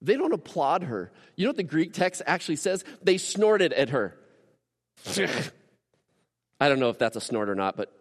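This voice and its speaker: A man preaching a casual, animated sermon as a pastor, with lively asides to the congregation. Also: fairly high pitch, a little fast, few pauses, long reverb tail. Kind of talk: conversational sermon.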